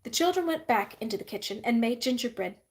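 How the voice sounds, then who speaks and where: A woman's voice: on the high side, animated, fast. Woman reading a novel aloud. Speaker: reader. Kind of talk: audiobook-style novel reading.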